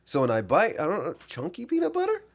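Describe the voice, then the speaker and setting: A man co-hosts a comedy podcast and needles his partner with profane jokes. His pitch swings in a lively, animated way, and he laughs often. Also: fast, a loud crowd. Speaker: podcast co-host. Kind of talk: casual comedic chat.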